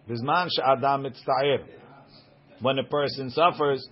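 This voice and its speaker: A man teaches a Talmud class, reading a phrase of the text aloud and then explaining it in plain words. His pitch sits in the middle range for a man. The recording sounds dull and lo-fi. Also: normal speed, husky. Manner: reads Aramaic text then translates it line by line.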